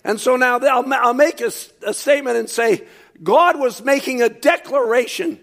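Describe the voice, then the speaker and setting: A male preacher with an extremely high pitch and vocal fry speaks at normal speed. Reading quotations and commenting on them, he rises to shouts at the key points of his sermon.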